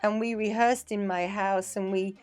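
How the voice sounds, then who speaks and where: Middle-aged English woman, dance teacher guest, animated storyteller. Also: mid-range voice, normal speed. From England. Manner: chatty, animated anecdotes. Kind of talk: casual interview storytelling.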